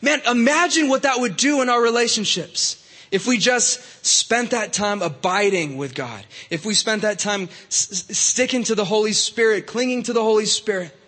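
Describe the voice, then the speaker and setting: Bright-voiced young-sounding male preacher. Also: sits high, animated, normal speed, long reverb tail. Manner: conversational, with frequent fillers and restarts. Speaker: youth pastor. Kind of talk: youth sermon.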